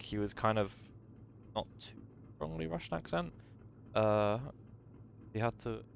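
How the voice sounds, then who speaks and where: A man's voice: mid-range voice, sharp tone, clear, resonant tone. A man streaming a game live, chatting casually and giggling.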